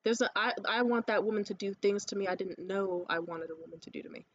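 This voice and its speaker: A woman ranting casually to the camera, telling stories in a lively, profane way and acting out other people's lines. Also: mid-range voice, lo-fi sound, slight background noise. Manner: animated, profane storytelling; acts out others' lines in quick asides. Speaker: vlogger.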